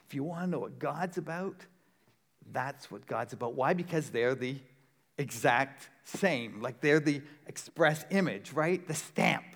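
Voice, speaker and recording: A man preaching a sermon in a conversational, rhetorical way, often checking in with a quick "right?". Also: on the high side, animated, a bit bright. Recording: long reverb of a large hall.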